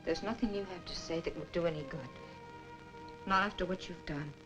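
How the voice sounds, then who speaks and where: An actress in a 1950s film playing a bitter young woman who coldly accuses a man and rises to shouting. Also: on the low side, brisk, close to an everyday voice, rough recording. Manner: cold, accusing, rising to shouting. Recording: old film soundtrack with music.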